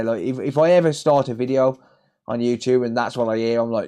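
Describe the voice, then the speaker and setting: A man's voice: medium pitch, steady tone, a little fast, warm tone. A British man hosting a live repair stream, rambling in casual chat, swearing and laughing a lot.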